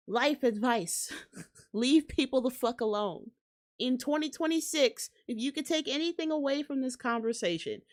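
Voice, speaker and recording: A young woman hosting a casual commentary rant, her voice pitched a little higher than most women's. She talks blunt and profane, laughs often and slips into mocking put-on voices. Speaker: commentary channel host.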